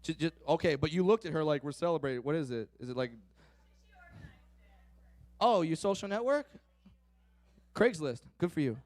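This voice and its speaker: A man's voice: lively intonation, moderate pace, pauses often, no echo. A man doing live stand-up comedy, brash and profane, who works the crowd and mimics other people. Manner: brash, profane, loud punchlines, teasing the audience; mimics others in higher voices.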